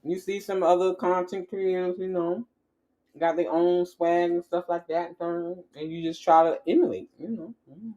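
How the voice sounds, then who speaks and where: A woman from New York hosting a casual reaction panel, blunt and quick to laugh and trash-talk. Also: fairly low pitch, fairly even intonation, mellow, lo-fi sound. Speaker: panel host.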